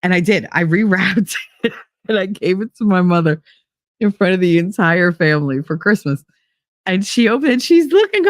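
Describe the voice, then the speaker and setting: Animated New woman telling stories. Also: on the low side, normal speed, no echo, studio quality. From Hoboken, New Jersey. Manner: animated, swears freely, frequent laughter. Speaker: podcast host. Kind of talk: casual storytelling chat.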